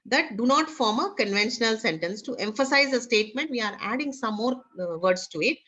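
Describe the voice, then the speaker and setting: A woman teaching an online class with an Indian English accent, talking haltingly with many fillers. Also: on the high side, animated, pushed and bright, husky. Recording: dull lo-fi online class audio.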